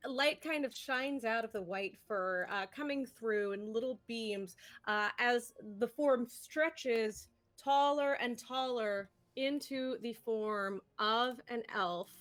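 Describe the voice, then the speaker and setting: A woman narrating a tabletop game as game master, relaxed, with many fillers. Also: on the high side, slow pace, hardly any pauses.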